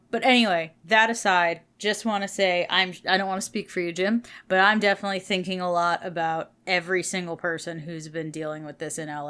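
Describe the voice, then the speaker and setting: A woman co-hosting a podcast in casual chat, chatty and self-deprecating with quick asides, tired and yawning late in the week. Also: on the low side, a bit bright, clean tone. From New Jersey. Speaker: podcast co-host.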